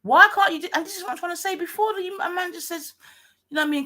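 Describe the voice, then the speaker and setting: A woman's voice: extremely high pitch, racing, pushed and bright. A woman with a London accent hosting a live stream, mocking and swearing at a caller in a heated argument.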